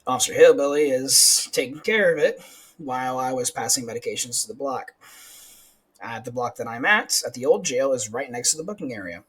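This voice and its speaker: Man, young, husky voice, casual profane storyteller. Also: mid-range voice, fairly bright tone, low-quality recording. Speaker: podcast co-host, corrections officer.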